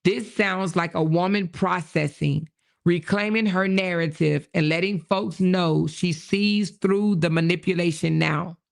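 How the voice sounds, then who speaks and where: A woman hosts a casual livestream and reads viewer comments and messages aloud. Her voice carries a gravelly fry, and she breaks in often with quick exclamations. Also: lowish voice. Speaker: livestream host.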